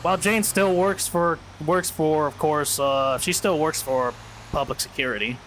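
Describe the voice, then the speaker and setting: A man's voice: on the high side, normal speed, a bit bright. Chatty male streamer, air-con hum. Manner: rambling, restarts, addresses chat. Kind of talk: casual livestream storytelling. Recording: air-conditioner hum behind.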